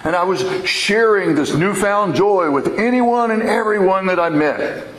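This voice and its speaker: Slow, earnest man preaching in a roomy church. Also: high voice, a bit bright. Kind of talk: sermon.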